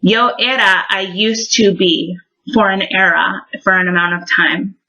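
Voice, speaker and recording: Woman teacher going over verb tenses, bright voice, bit lo-fi sounding. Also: medium pitch, fairly even intonation, measured pace. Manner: friendly, explanatory, many ums. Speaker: Spanish teacher. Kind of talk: recorded grammar lesson.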